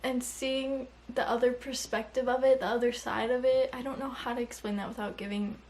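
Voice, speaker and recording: A young woman vlogging about a book series in a casual, animated way, swearing often and saying "like" constantly. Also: a little high, fairly quick. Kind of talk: casual reading vlog. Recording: faint background noise.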